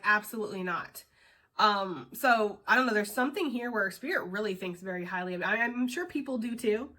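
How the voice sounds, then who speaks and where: A woman's voice: medium pitch, bright, forceful tone. A woman giving a casual tarot reading to her viewers, rambling and chatty with lots of fillers and casual swearing. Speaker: tarot reader.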